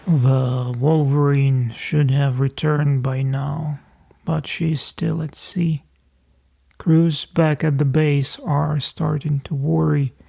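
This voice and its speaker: A man reading a novel aloud as an audiobook narrator, in slow, deliberate storytelling. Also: a little high, vocal fry, dark tone.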